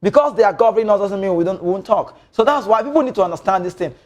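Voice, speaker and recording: A man's voice: high voice, racing, darkish tone. A Nigerian man with a Nigerian accent hosting a football show, reading viewer comments in a bantering style that switches between Pidgin and English.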